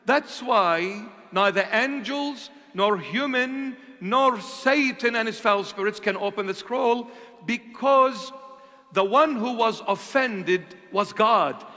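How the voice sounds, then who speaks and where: A man's voice: high voice, bright, forceful tone. Male bishop, sermon, rhetorical questions, long echo of a church hall. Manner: asks and answers his own rhetorical questions; slow, deliberate emphasis. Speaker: bishop preaching.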